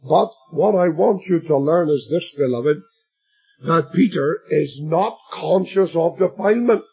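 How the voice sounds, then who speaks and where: A man delivering a sermon in a slow, drawn-out cadence. His voice is husky and mellow, and it rises to emphatic peaks. Faint music plays behind him. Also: fairly high pitch, expressive, highs cut off. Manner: slow and emphatic, swelling to shouts at climaxes. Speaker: preacher.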